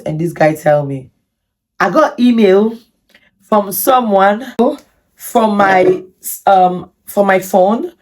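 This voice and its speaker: A woman vlogger telling a personal story to camera in an animated, indignant way, with many repetitions. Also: mid-range voice. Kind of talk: storytime vlog.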